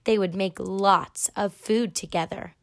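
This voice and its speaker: A woman hosts a fill-in-the-blank story game for children, leaving gaps for answers. She speaks very slowly at a mid pitch. The sound is dry and close. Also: steady tone, gravelly, no echo. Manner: slow, leaving pauses.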